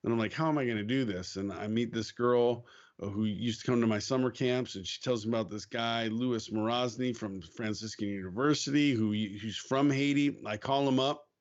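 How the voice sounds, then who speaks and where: A man speaking as a guest on a faith podcast, telling a story in a casual, animated way, acting out quoted lines and laughing easily. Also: medium pitch, normal speed, dull audio. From United States.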